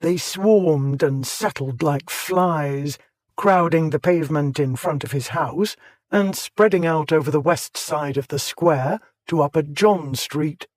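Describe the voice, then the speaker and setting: A man narrating an audiobook in a measured, clear way. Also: a little high, a little mellow, no echo. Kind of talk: scripted narration.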